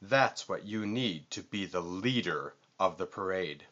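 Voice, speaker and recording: A man's voice: sits low, animated, unhurried, pushed and bright, dull audio, exaggerated voice. A man voicing a vain, pushy male vulture in a storybook read-aloud, boastful and screechy.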